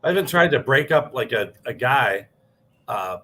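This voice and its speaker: A man's voice: mid-range voice, big pitch swings, moderate pace, sharp tone. A man co-hosting a radio show, talking in an easygoing, joking way. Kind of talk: casual radio talk.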